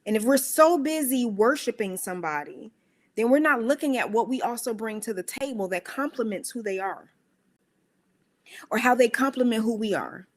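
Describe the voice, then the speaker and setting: A woman with a fairly high voice gives a spiritual motivational talk. She speaks in a conversational, emphatic way and fires off rhetorical questions. Now and then she slips into squeaky voices to act out her own thoughts. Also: animated, normal speed. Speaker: speaker of a worship center.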